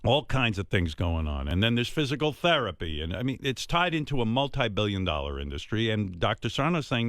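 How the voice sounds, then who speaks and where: Deep-voiced man hosting a radio talk show. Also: very animated, brisk, few pauses, fairly bright tone, dry recording, clean studio sound. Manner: earnest, heartfelt, rambling with many restarts.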